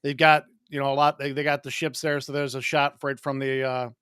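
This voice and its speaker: A man's voice: mid-range voice, little pitch movement, a little fast, a bit bright, clean tone, no room sound, clean studio sound. A man co-hosting a casual real estate chat, easygoing and informative. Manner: easygoing, informative, rambling with restarts. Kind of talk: casual live-stream chat.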